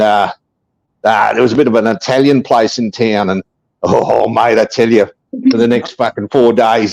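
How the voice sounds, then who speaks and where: Aussie guy with a gravelly voice on a livestream, crude rambling stories. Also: medium pitch, rough recording. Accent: Australian. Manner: crude storytelling, repeats catchphrases. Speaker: livestream host. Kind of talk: casual livestream banter.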